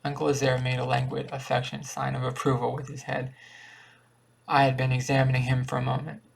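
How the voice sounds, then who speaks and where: A man reading a short story aloud as an audiobook, with a steady, measured delivery. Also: medium pitch, vocal fry, slight background noise. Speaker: audiobook reader. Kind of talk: audiobook narration.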